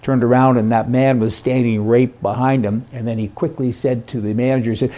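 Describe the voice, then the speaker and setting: A man's voice: mid-range voice, steady tone, fairly quick, hardly any pauses, warm tone, slight background noise. A man hosting a conservative news commentary show, sarcastic and folksy, chuckling at his own jokes. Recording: dull lo-fi recording.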